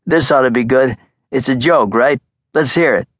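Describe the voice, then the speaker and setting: A man's voice: medium pitch, moderate pace, no echo, clean studio sound, voice pushed up, close to an everyday voice. Man putting on a brash Brooklyn mobster. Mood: mocking. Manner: brash, loud, mocking. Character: obese Brooklyn mobster, loud and mocking.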